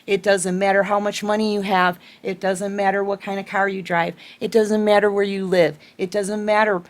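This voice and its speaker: A woman's voice: medium pitch, flat delivery, normal speed. A woman tarot reader giving an earnest spiritual pep talk to her viewers, repeating herself and checking in with "okay?".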